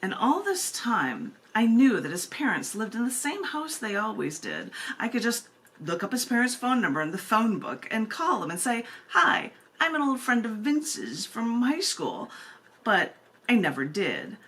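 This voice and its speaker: A woman's voice: medium pitch, normal speed. A woman hosting an open mic from home over a video call, reading her own poems with chatty, laughing asides. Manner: animated, laughs often between pieces. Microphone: computer mic on a video call.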